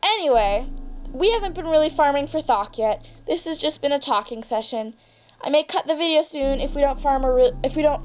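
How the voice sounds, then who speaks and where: A woman's voice: high voice, darkish tone, a little hiss or hum. A young woman hosting her gaming channel, chatting through a card game in a bubbly, rambling, jokey way. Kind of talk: casual game commentary.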